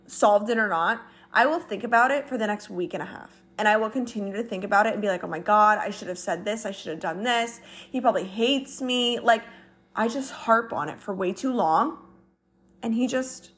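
A young adult woman vlogging in a casual, chatty way, blunt and exasperated as she vents. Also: medium pitch. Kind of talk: casual talk to camera.

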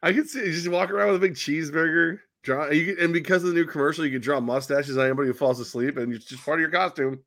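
A man's voice: on the high side, racing, hardly any pauses, fairly bright tone, no echo, clean studio sound. A man hosting a casual football podcast, teasing his co-host and rambling with lots of "uh" and "like". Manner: teasing, rambling with many fillers. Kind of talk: casual sports podcast banter.

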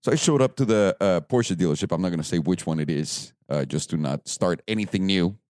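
Lively guy podcast host, swears a lot, pitch jumps around, dry close mic. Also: a little fast, dry recording. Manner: animated storytelling, swears freely, acts out quoted voices. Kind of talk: casual podcast chat.

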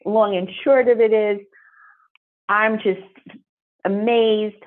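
A woman guest tells her story in an animated, emphatic way, leaning hard on key words. Her voice sits in a middle register. The sound is narrow and phone-like. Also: medium pitch, measured pace, long pauses. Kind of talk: storytelling interview.

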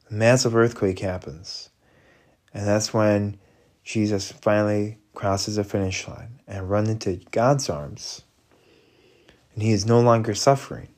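A man giving a slow, halting devotional retelling and prayer, reflective, with frequent restarts. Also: lowish voice, darkish tone. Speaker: preacher.

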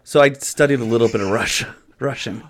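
A man's voice: mid-range voice, fairly quick, a crowd in the background. A man, a construction contractor, chatting earnestly on a podcast with many restarts. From Canada. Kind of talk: casual podcast chat.

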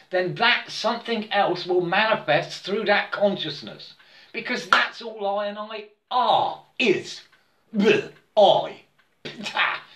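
A man with a fairly high voice talks very slowly in a rambling, spiritual monologue. He stammers, loops back on words and keeps checking in with his listener. The room around him rings with a noticeable echo. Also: pushed and bright. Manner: halting and repetitive, stammers and keeps asking "yeah?". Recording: roomy echo.

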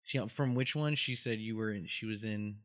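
A man co-hosting a podcast in casual chat, playful and quick to laugh. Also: fairly low pitch, fairly bright tone. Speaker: podcast co-host.

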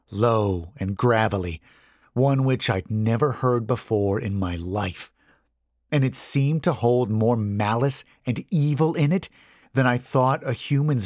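A man narrating a scary story in a slow, hushed, tense delivery. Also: on the low side, dry recording, studio quality. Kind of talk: scripted horror story narration.

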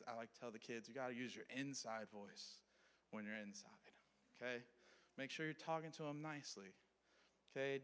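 A man's voice: medium pitch, a bit bright, clean tone. Male Bible teacher, casual lesson style, echoing hall sound. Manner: conversational, checks in with listeners.

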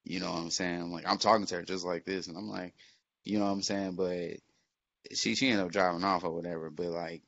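A man's voice: low-pitched, fairly even intonation, a little fast, creaky, fairly bright tone. A man telling a story in casual, profane podcast chat, with lots of fillers and restarts. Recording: muffled lo-fi recording.

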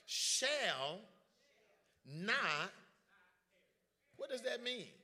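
A man preaching a lively sermon, joking with the congregation and calling for their responses. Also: high-pitched, extremely slow. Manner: lively, joking, drawls informal speech.

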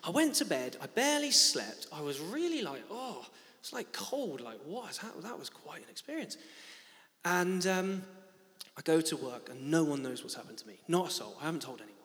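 A young man with a bright, lively voice preaches, acting out his own story with big swings of pitch. The sound has a long reverb, as if he were recorded in a church hall. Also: brisk. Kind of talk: sermon with a personal story.

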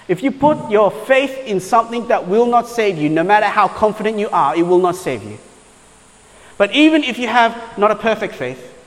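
A man gives a sermon in a relaxed, conversational way, repeatedly asking his listeners "right?" His voice sits a little high for a man. The sound carries a long reverb, as in a large hall. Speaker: pastor.

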